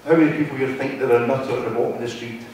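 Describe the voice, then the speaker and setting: Heard from a distance in a heavily echoing meeting hall, this Wigan-accented guest speaker from North West England talks conversationally to a live crowd and keeps checking in with them. He has a steady, darkish, mid-range voice and races along. Slight background noise is present.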